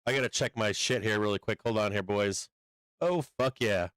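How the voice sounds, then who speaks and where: Man, livestream trading host, clear smooth voice, dry close sound, profane and excitable. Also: on the low side, normal speed, dry recording. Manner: profane, swings from calm chart talk to furious outbursts. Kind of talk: live market stream commentary.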